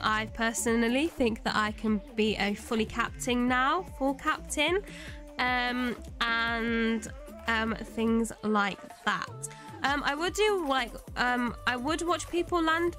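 A woman's voice: a little high, measured pace, a bit bright, soft background music. A woman from Italy chatting on a live gaming stream, hesitant, with many ums and restarts. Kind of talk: casual live-stream chat while gaming.

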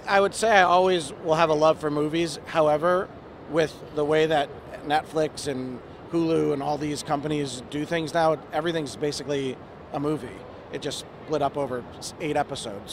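A man's voice: fairly high pitch, noisy background. A man being interviewed outdoors at a fan convention, talking in an easygoing, hesitant way with fillers and restarts. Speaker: actor and producer, interview guest. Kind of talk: casual live interview.

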